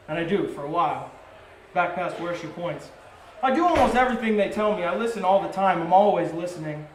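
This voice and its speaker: Brief: man, poet at a live reading, fairly high voice, measured phrasing, roomy venue sound. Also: slight background noise. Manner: measured, short-phrased delivery with rising intensity. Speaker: poet reading his work. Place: coffee shop and bar venue.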